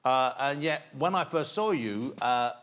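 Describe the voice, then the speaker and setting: A man's voice: medium pitch, animated, unhurried, a bit bright. A man hosting a talk show, asking guests questions in a joking, teasing way. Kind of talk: chat show interview. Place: TV studio with audience.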